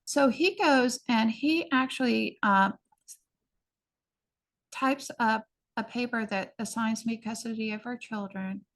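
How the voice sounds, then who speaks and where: A middle-aged woman appears as a podcast guest and shares her own story earnestly but in a hurry, frequently starting her sentences over. Her voice is a little high.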